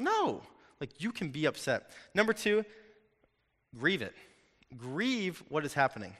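A man's voice: on the high side, a little slow. Young man preaching in a reverberant hall. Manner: animated, conversational, jokes with the audience. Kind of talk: sermon. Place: hall with an audience.

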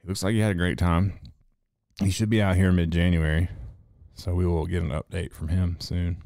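Profane rambling podcast host, smooth voice. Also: male voice, low voice, level tone, normal speed, a little mellow, no room sound, studio quality. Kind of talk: casual stoned podcast chat.

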